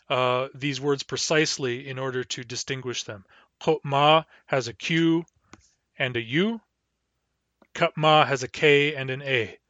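A man's voice: mid-range voice, bright, forceful tone, no room sound, muffled recording. A man giving a recorded language lesson, carefully repeating each word and explaining its pronunciation. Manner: measured, spells out and repeats each word slowly. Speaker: language teacher.

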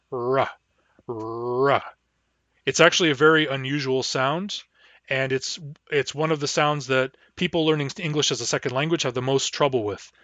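A man's voice: mid-range voice, sharp tone, no room sound, highs cut off. A man giving a pronunciation lesson, explaining sounds plainly and demonstrating them aloud. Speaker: language teacher.

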